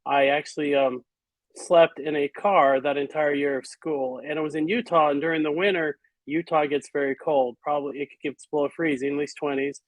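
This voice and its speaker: A man's voice: a little high, fairly even intonation, normal speed, no room sound, poor audio. A man speaking as a guest in an interview, earnest and reflective, with some hesitations. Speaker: guest author and physician. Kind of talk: interview conversation.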